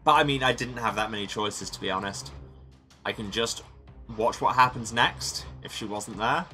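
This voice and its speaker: A man with a bright, forceful voice hosts a let's play of a story game. He reads the narration and then muses aloud on his choices with wry humor, over faint music. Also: on the low side, normal speed. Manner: wry, musing commentary. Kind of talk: reading game text and commenting.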